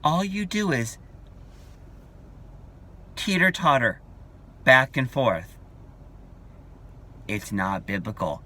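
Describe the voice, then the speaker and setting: Brief: forties male vlogger, slow, bright, combative and repetitive. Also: medium pitch, sing-song, slight background noise. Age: 40s. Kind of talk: ranting vlog monologue.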